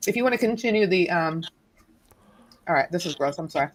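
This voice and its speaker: A woman's voice: fairly low pitch, expressive, a little fast, poor audio. A woman hosting a casual live-stream chat on a video call from home, bubbly and giggly as she chats while cooking. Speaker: host of a live stream hangout.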